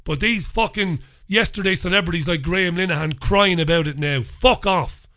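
A man's voice: sits high, moderate pace, bright, forceful tone. A sick man hosting his own show, ranting in a heated, profane monologue. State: unwell with a lingering infection. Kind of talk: solo monologue, ranting commentary.

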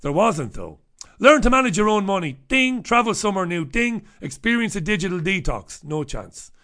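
The man's voice is high-pitched and sing-song, slightly bright and brisk. He's a middle-aged Irish radio host rambling over a checklist in a casual comic monologue, irreverent and swearing freely.

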